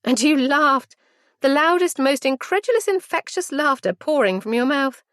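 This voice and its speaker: A woman narrating a first-person audiobook in a measured, intimate and reflective way. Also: high-pitched, expressive, fairly bright tone, no echo, clean studio sound.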